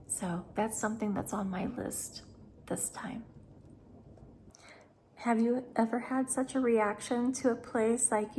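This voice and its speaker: A woman's voice: medium pitch, creaky, a little mellow, a little hiss or hum. A middle-aged woman, chatting emotionally to camera in a vlog, laughing often. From United States. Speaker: travel vlogger.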